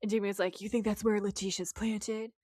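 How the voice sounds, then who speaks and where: A woman's voice: mid-range voice, little pitch movement, brisk, a little mellow, no room sound. Dry-sounding woman recapping a show. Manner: retells scenes while quoting the characters' lines. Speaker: podcast co-host. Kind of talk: casual episode recap chat.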